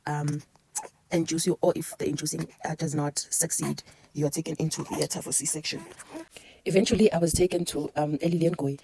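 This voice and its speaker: A woman with a South African accent telling a casual storytime, animated and mixing Zulu into her English. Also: low-pitched, brisk, creaky, a little hiss or hum. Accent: South African, Zulu-mixed English. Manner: animated, code-switching, laughing through a birth story. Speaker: vlogger.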